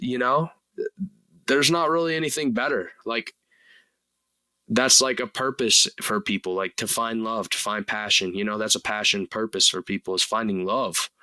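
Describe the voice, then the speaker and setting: Man, twenties, solo podcast host, very bright tense tone, dry close sound, rambling, earnest, lots of fillers. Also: mid-range voice, no echo, low-quality recording. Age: 20s. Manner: earnest and rambling, full of "like" and "you know", casual swearing. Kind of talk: casual solo podcast monologue.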